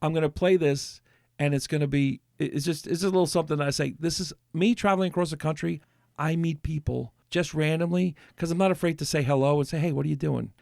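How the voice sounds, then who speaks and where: A man's voice: on the high side, steady tone, fast talker, gravelly, a little mellow, dry recording, studio quality. A man hosting a podcast, telling rambling stories in a casual chat with lots of restarts. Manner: rambling storyteller with many restarts. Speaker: podcast host.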